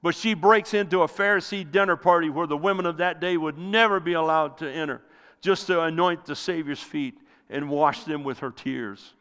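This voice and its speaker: A male pastor preaching a sermon with passion, rising loud and then dropping to near quiet. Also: normal speed, clean tone. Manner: impassioned preaching, swells loud then drops low. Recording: long hall reverb.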